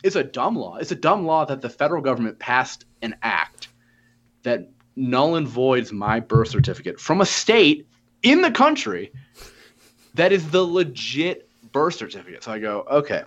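A man's voice: medium pitch, normal speed. A man in his twenties telling a story in casual chat, swearing freely and acting out the voices of the people in it. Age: 20s. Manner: profane, animated retelling with quoted dialogue. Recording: dull lo-fi audio.

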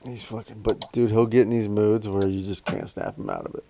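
A man's voice: fairly low pitch, sing-song, fairly quick, creaky, mellow, a little hiss or hum. A man in casual chat, telling funny stories about his kids, swearing and laughing as he acts out their voices.

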